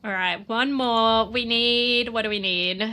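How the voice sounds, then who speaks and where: A young woman streams a game and chats bubbly with her viewers. Her nose is stuffy and she sniffles between lines. Her voice is bright and a little high, and she talks at a slow, easy pace. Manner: chatty, bubbly, talks to chat. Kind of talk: casual live-stream chat.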